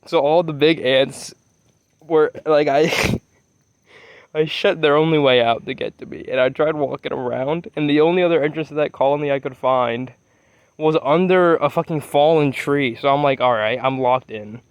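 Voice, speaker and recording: A man's voice: a little high, steady tone, moderate pace, clean tone, dry recording. A young man casually telling a rambling story, swearing often and losing his train of thought. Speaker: vlogger.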